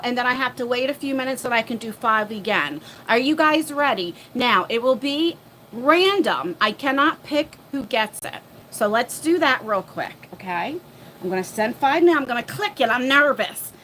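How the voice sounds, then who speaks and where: Bright, high-voiced flustered woman streamer. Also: slight background noise. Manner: flustered, chatty, thinks out loud. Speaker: livestream host. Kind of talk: casual live chat. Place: at home, on her phone. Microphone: phone mic.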